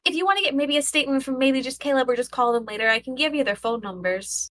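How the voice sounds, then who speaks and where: A woman's voice: sits high, fast, a bit bright. A woman playing a tabletop game, chatty and hesitant. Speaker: player.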